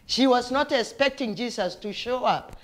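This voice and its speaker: A woman preacher delivering a sermon with slow, emphatic declarations and prayers. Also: a little high.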